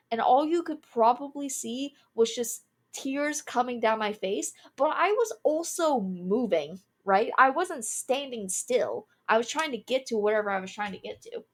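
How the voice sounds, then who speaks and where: A woman's voice: on the high side, lively intonation, unhurried. A woman in her twenties, a streamer telling a personal story in a casual, candid way, laughing now and then. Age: 20s.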